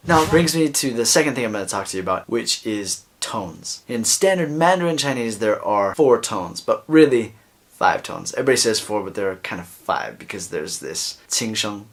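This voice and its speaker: Brief: young male vlogger, low-ish voice, chatty and emphatic, casual teaching tone. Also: fairly bright tone. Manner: chatty, emphatic, with mocking quoted asides. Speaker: Chinese learning vlogger. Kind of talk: casual video lesson.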